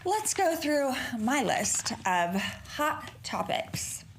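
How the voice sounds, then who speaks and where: Lively, foul-mouthed middle-aged woman host. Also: high-pitched, slow pace, slight background noise. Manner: profane, rambling and animated. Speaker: podcast host. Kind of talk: casual solo podcast chat.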